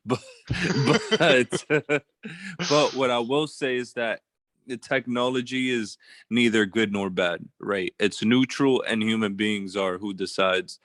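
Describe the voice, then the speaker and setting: Brief: sleep-deprived male co-host, lowish voice, dry close sound, easygoing and a bit profane. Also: fairly bright tone, no room sound. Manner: loose and laid-back, swears casually. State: short on sleep. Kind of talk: casual video-call chat.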